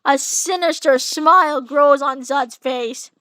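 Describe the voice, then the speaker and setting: A woman's voice: sits high, slow pace, bright, forceful tone. A woman reading her own fanfic story aloud, narrating the action plainly and adding casual asides. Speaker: channel host reading a fanfic.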